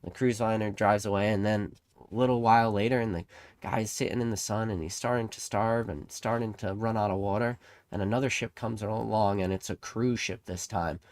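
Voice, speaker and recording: A young man with a fairly low voice gives a casual, rambling monologue as a trading card channel host. He gets emphatic, swears freely and slips into acted-out voices while telling stories. The sound is dry and close. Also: fairly even intonation, a little fast, darkish tone, no echo.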